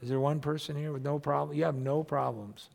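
A man's voice: fairly high pitch, fairly quick, creaky. A man preaching a sermon to a congregation, talking animatedly and acting out people's complaints. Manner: animated, acts out quoted complaints. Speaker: pastor.

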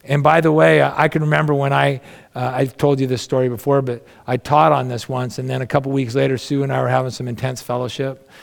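A man's voice: medium pitch, flat delivery, quick pace, creaky. A male pastor preaching a sermon in a conversational, folksy way, with humorous asides.

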